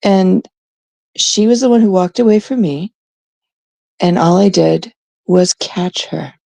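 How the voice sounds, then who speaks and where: A woman's voice: lowish voice, slow pace, gravelly, mellow, no room sound. A woman from Canada talking casually on a livestream, aggrieved and emphatic, repeating her points.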